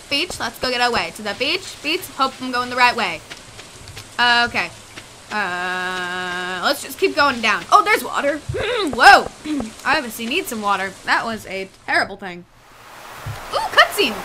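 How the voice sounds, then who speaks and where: A woman's voice: fairly high pitch, sing-song, unhurried, pushed and bright, a little hiss or hum. A young woman giving goofy, chatty let's play commentary, full of exclamations. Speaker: gamer.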